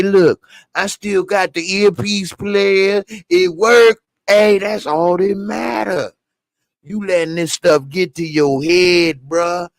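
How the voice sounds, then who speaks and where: Brief: man playing easygoing street hustler, slangy and coaxing, higher voice. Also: no echo, studio quality. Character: laid-back male hustler giving easygoing advice.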